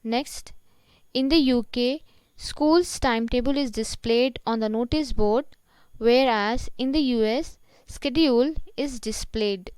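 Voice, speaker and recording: A woman giving a vocabulary lesson, explaining each word deliberately in short phrases. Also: a little high, darkish tone, clean tone, no echo, poor audio. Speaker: English teacher. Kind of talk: classroom-style vocabulary lesson.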